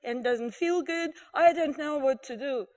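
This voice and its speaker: A woman's voice: high voice, a little slow, a little mellow, long reverb tail. A woman voicing a sick, bewildered male passenger who sounds helpless. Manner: helpless, apologetic.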